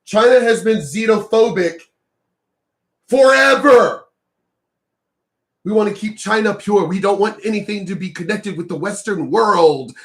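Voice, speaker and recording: A man giving a heated, profane reaction commentary, hammering his points and sometimes shouting. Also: high voice, normal speed, few pauses.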